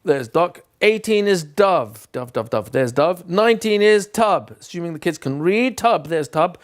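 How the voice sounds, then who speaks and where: A man's voice: high voice, expressive, measured pace. A man giving a recorded lesson to teachers, quizzing himself aloud and answering in a playful way. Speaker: teacher trainer.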